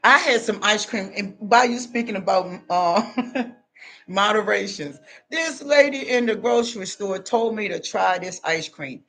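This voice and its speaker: A woman, giving a loud, animated motivational talk to her viewers and laughing often. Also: mid-range voice, a little slow. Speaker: online talk host.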